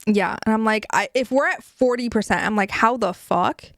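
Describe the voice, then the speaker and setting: A woman's voice: on the high side, normal speed, fairly bright tone. A woman streamer chatting casually with her viewers, giggly and playful, with casual swearing.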